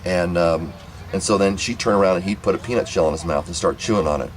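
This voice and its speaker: A man's voice: low-pitched, quick pace, slight background noise, rough recording. A man telling a family story in a rambling, casual monologue, full of repeats and restarts. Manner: rambling, repetitive, many restarts.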